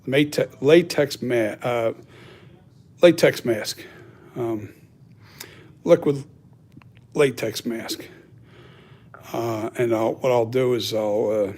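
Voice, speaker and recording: A man's voice: mid-range voice, slow pace, pauses often, a little mellow. A man who makes costumes and masks, talking casually in a workshop vlog, thinking aloud and rambling with lots of fillers. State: has the hiccups. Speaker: costume and mask maker.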